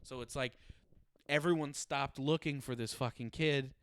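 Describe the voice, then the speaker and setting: A man's voice: medium pitch, fairly even intonation, normal speed, a little hiss or hum. A young man hosting a podcast, chatting casually, swearing freely and laughing often. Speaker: podcast host. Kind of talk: casual chat.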